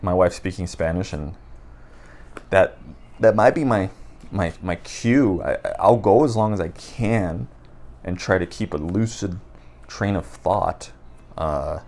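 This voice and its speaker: A man talking off the top of his head in an unedited video, rambling and halting with many restarts. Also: low voice, a little mellow. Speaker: book vlogger. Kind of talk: unscripted casual talk to camera. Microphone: raw unedited recording.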